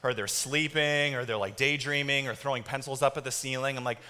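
Male pastor in his thirties, sermon delivery, bright forceful tone, long hall reverb. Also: medium pitch, a little fast. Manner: animated storytelling with shouted kid impressions. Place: church auditorium.

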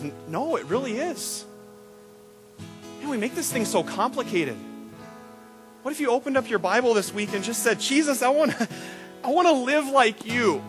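A man preaching a sermon as a pastor, animated and repetitive when excited, acting out the voices in his stories. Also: high voice. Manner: animated storytelling, acts out quoted voices; repeats words and restarts when excited.

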